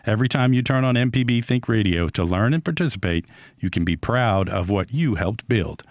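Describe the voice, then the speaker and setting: A man reading a steady, earnest fundraising appeal for a radio station. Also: lowish voice, fairly quick, no room sound, studio quality. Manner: steady, earnest, scripted delivery.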